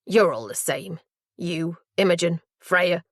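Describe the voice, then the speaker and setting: A woman's voice: fairly low pitch, slow, no room sound, studio quality. A woman doing a surly, menacing brother. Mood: scornful. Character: hungover, bullying young adult brother.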